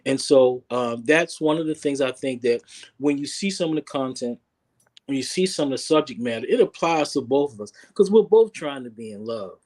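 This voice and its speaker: A man's voice: medium pitch, lively intonation, moderate pace, a little mellow. A man who works as a relationship coach, speaking earnestly as an interview guest and often repeating words while he thinks. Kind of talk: interview guest, casual talk.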